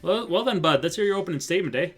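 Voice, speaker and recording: A streamer putting on a chatty older judge with a playful put-on Canadian accent, his voice pitched up and tagging questions onto everything. Faint music plays underneath. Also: animated, rapid-fire, fairly bright tone. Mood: friendly. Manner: rambling, friendly, ends lines with "eh". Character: folksy older male judge. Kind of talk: let's play voice acting.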